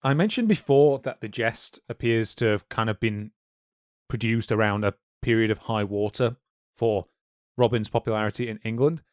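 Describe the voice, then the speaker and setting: A man's voice: fairly low pitch, normal speed, no room sound, studio quality. A man co-hosting a history podcast, explaining a subject in an informal, lecture-like way with fillers and asides. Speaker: podcast co-host.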